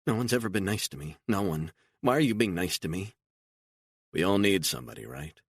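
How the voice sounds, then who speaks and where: A man's voice: sits low, lively intonation, a little fast, breathy edge, no room sound, voice pushed up, heavily acted. A man voicing a frightened, emotional woman on the run, pleading and incredulous and raising her voice often, in an audiobook. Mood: tearful.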